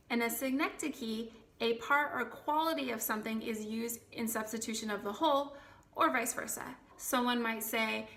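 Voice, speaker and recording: A woman tutor giving an explanatory lesson, defining each term clearly and reading out quoted examples. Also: on the high side, moderate pace, a bit bright. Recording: echoey room.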